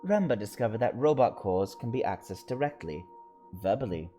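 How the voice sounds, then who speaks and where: A man with a fairly low voice reads a story game's dialogue aloud during a stream. He voices several characters in turn and slows down to sound out invented words. Faint music plays behind him. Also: expressive, warm tone.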